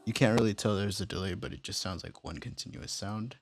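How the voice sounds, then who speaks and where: A man casually walking through how he built a beat, step by step, in a relaxed, plain way. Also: on the low side, brisk, vocal fry, no room sound, faint music behind. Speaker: music producer tutorial host. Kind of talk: casual screen-recorded tutorial.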